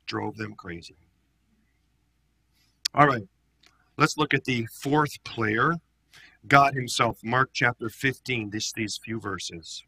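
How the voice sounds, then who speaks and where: Gravelly, bright-voiced man teaching scripture. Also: medium pitch. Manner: animated, asks the group rhetorical questions. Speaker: pastor leading a Bible study. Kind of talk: conversational Bible teaching.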